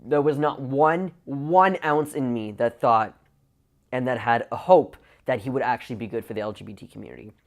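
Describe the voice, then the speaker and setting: Very low-voiced woman ranting on camera. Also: normal speed. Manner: impassioned, heavy use of "like" fillers. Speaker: vlogger. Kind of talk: emotional video rant.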